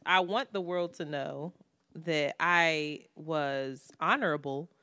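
A woman's voice: low voice, slow pace, bright, forceful tone, no echo, studio quality. A young woman from Philadelphia co-hosting a casual podcast chat, telling stories animatedly with frequent laughter and casual swearing. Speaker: podcast co-host. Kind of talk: casual chat between friends.

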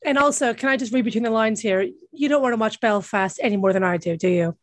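A woman's voice: on the high side, fast talker, no echo. A woman co-hosting a podcast in casual chat, teasing her co-host and laughing often.

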